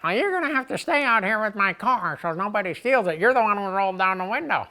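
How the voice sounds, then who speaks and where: A man putting on the voice of his stubborn, short older father-in-law, high and whiny. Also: expressive, quick pace, bright, forceful tone, exaggerated voice. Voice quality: high squeaky put-on voice. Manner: whiny, insistent.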